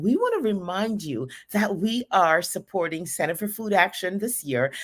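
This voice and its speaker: A middle-aged woman hosting a live talk show, reading sponsor notes and welcoming her guest with effusive enthusiasm. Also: mid-range voice.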